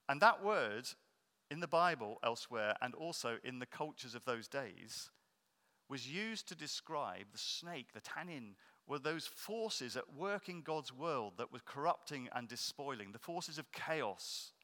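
Man, preacher, sermon, earnest, explanatory, bright forceful tone, long hall reverb. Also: mid-range voice. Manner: earnest, explanatory, slowing down for emphasis.

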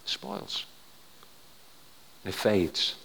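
Older preacher in a reverberant hall. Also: male voice, drawn-out words. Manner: conversational storytelling, dropping to quiet then rising to emphatic. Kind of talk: sermon.

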